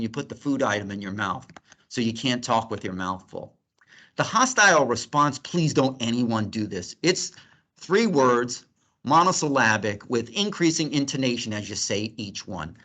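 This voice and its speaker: A middle-aged man lecturing at grand rounds as a physician. His delivery is lively and laced with humor. He sits at an ordinary pitch for a man. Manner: lively, joking teaching tone.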